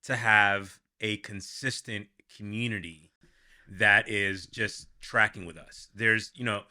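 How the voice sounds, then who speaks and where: Man, podcast host, animated, very bright tone, casual talk. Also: lowish voice, slow pace. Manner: animated, laughing, thinking aloud with restarts. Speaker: podcast host, worship leader.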